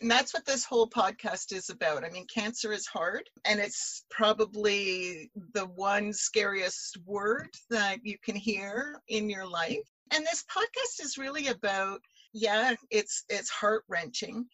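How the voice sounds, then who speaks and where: A woman's voice: medium pitch, animated, measured pace, fairly bright tone, no echo, low-quality recording. A woman hosting a podcast interview, asking friendly, encouraging questions. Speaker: podcast host.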